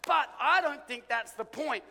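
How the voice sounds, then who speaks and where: Man, pastor preaching, high voice, swings from loud to hushed, long hall echo. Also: normal speed. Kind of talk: sermon.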